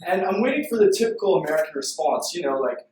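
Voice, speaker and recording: A young man from Canada giving a playful, self-deprecating story-driven pitch presentation to a room. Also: expressive, quick pace, darkish tone, recorded from a distance, slight background noise. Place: room full of people. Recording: echoey room recorded from afar.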